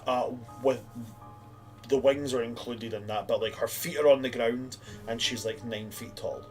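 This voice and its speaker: A man's voice: medium pitch, fairly even intonation, measured pace, a little mellow, faint music behind. Casual man running a tabletop game. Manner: casual, rambling narration with many fillers. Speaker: game master.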